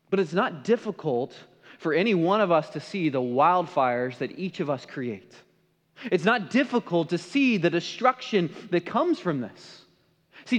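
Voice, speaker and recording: A man from the Midwest, preaching a sermon as pastor and often asking the congregation questions. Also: high voice. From American Midwest. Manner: emphatic, asks the congregation questions. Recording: long reverb of a large hall.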